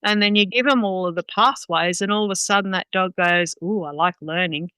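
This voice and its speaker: A middle-aged woman, a dog trainer chatting as a podcast guest, frank, quick to laugh and swearing freely. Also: medium pitch, sharp tone, clear, resonant tone, no echo, low-quality recording. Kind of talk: casual podcast chat.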